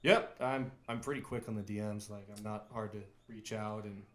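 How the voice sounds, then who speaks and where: A man's voice: fairly low pitch, fairly even intonation, normal speed. A man appearing as a guest actor on a casual podcast, friendly and easygoing. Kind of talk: casual interview chat.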